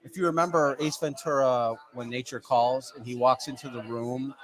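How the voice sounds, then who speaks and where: A man chatting as a guest on a cigar show, telling animated stories and repeating his words. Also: mid-range voice, normal speed. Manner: animated storyteller, repeats himself. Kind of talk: casual chat.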